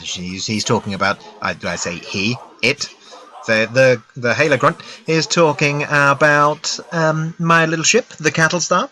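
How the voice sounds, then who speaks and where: A man's voice: medium pitch, slow, pushed and bright. A British man giving casual live-stream commentary on a game at home, chatty and full of self-mocking asides. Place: at home with a laptop.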